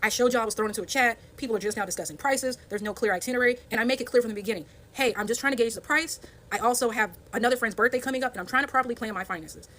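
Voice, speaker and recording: A woman's voice: on the high side, racing, fairly bright tone. A woman telling her side of a dispute in a storytime vlog, reading out screenshots and stressing her points in an emphatic, defensive way. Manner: emphatic and defensive, walking through evidence point by point.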